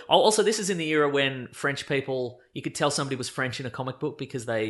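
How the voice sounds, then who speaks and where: A man co-hosting a casual comedy podcast, reading a comic book aloud with jokey asides in an animated way. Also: medium pitch, quick pace.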